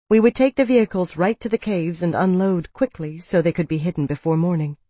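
A woman narrating a novel in a measured, even storytelling manner, close to the mic. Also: sits low, dry recording. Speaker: audiobook narrator. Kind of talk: scripted narration.

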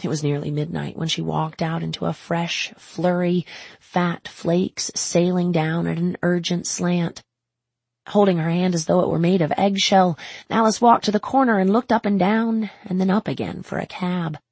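A woman narrates an audiobook in a measured, even way. Her voice sits low and sounds husky with a gravelly edge, recorded close and dry. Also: no echo. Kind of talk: scripted narration.

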